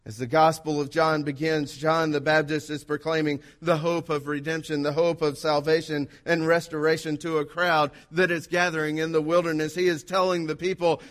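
A man's voice: on the high side, level tone, moderate pace, few pauses, fairly bright tone. A man preaching a sermon, acting out dramatic quotes along the way. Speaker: pastor.

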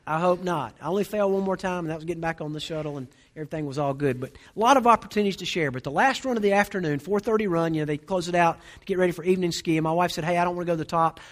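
Fast-talking, high-voiced preacher in his forties. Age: 40s. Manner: humorous storytelling, animated. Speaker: pastor. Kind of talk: sermon.

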